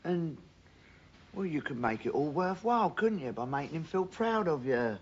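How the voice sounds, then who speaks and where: An actor playing a cheeky but decent young bricklayer who teases and calls people "love", in a TV drama. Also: male voice, on the high side, sing-song, normal speed. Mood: earnest. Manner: teasing, chatty, uses "love" a lot. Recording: muffled old TV soundtrack with faint hiss.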